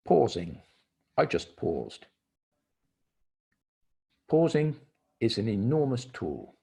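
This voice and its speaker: A middle-aged man leading an online training seminar on communication, explaining step by step with deliberate pauses and stressed key words. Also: mid-range voice, huge pitch swings, gravelly, a little mellow, husky.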